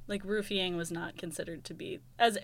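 A woman's voice: fairly low pitch, steady tone, normal speed. Wry young woman on a podcast. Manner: wry, joking asides, chatty. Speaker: podcast co-host. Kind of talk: casual chat about TV shows.

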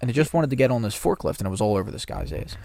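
A man's voice: medium pitch, animated, rapid-fire, creaky, darkish tone, dry recording. A man co-hosting a podcast, telling a rambling anecdote in casual chat and swearing a lot. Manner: rambling storytelling, frequent swearing. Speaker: podcast co-host.

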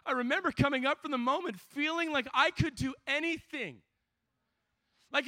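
A young man with a high, bright-pitched voice preaches at a youth camp. He swings from hushed storytelling to fervent, shouted exhortation. The sound is close and dry, with no room around it. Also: normal speed, dry recording. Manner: passionate, builds to shouting. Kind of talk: sermon.

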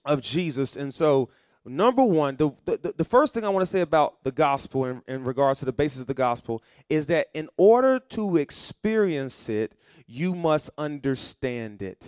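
Middle-aged male pastor, preaching sermon, fairly high voice, dry close sound. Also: lively intonation, normal speed, dry recording. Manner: call-and-response preaching, building to loud emphatic peaks.

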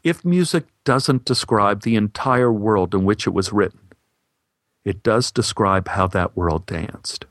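A male actor telling a personal story as a monologue, in a wry, measured way with deadpan humor. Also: lowish voice, no room sound, clean studio sound.

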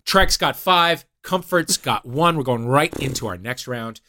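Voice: medium pitch, lively intonation, measured pace, bright, forceful tone, a little hiss or hum. A quiz host on a comedic podcast, reading rounds with wry, playful jokes. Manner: wry, playful, jokey delivery.

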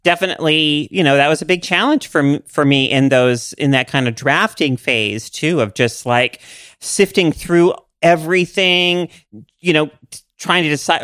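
A man talking casually on a podcast, halting, with many restarts and fillers. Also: a little high, fairly bright tone, clear, resonant tone, no room sound, clean studio sound.

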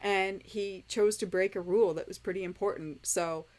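A young woman co-hosting a casual chat, retelling a film plot in an animated way with lots of "like" and swearing. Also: medium pitch, moderate pace, poor audio. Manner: animated storyteller, heavy "like" filler and swearing.

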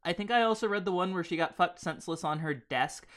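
A woman podcast co-host reading a story aloud and bantering in a deadpan way. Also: fairly low pitch, fast.

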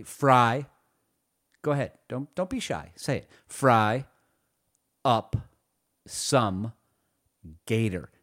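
A man hosting a food radio show, reading ads and joking in a playful, self-mocking way with sudden loud bursts. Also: medium pitch, dry recording, studio quality.

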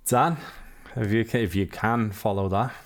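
Chatty podcast host, low voice. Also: male voice, steady tone, moderate pace. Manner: chatty, laughs often. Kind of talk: casual chat.

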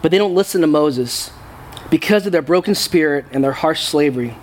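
High-voiced male pastor preaching. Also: a little fast, slight background noise. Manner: conversational preaching with frequent repeated words. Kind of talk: sermon. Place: church sanctuary.

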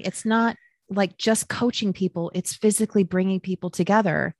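Speaking at a normal speed, a matchmaker from the Midwest United States shares her story on a relaxed podcast as a guest. She's an animated storyteller who raises her pitch to act out quotes, and the recording is dry and studio quality.

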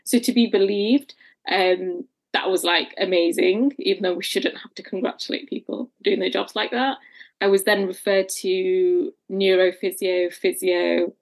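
A woman's voice: on the low side, gravelly. A woman, telling her own story as an interview guest and acting out what others said to her. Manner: acts out quoted people in lively voices. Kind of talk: personal storytelling in conversation.

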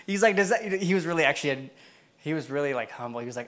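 A man's voice: mid-range voice, quick pace, fairly bright tone. A man preaching a sermon in a church, telling a personal story in a casual way, with many fillers and frequent laughs. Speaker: pastor.

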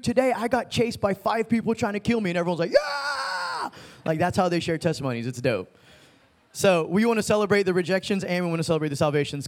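A young man preaching a casual sermon, telling stories in laid-back slang and acting out the people in them. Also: high voice. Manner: laid-back slang-filled, animated retelling. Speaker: youth preacher.

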